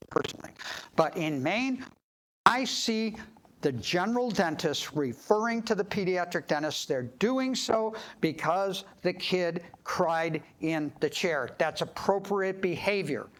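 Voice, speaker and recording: A man, a dentist, giving a live clinical lecture and demonstration, acting out scenes with sudden excited voices. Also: rough recording. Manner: animated, acts out scenes and jumps into high excited voices. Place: clinic meeting room with live audience.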